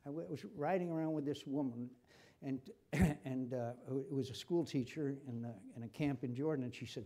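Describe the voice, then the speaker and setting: An older American man, a senator, answers an interviewer's questions before an audience at a lecture forum. His mid-range voice is dark in tone and fairly quick, and when stirred he grows impassioned and repeats himself.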